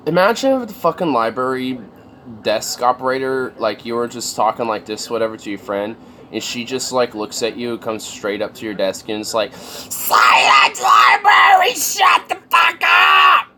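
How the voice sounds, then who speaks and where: A man's voice: mid-range voice, moderate pace, a bit bright, a little hiss or hum. A man chatting casually on a livestream, rambling and swearing, with lots of fillers. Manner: rambling, profane, many fillers.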